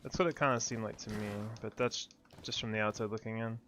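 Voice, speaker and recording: A man's voice: on the low side, steady tone, quick pace, fairly bright tone, a little hiss or hum. A young man streaming a game, chatting casually and rambling with lots of fillers, laughs and casual swearing. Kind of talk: casual gameplay commentary.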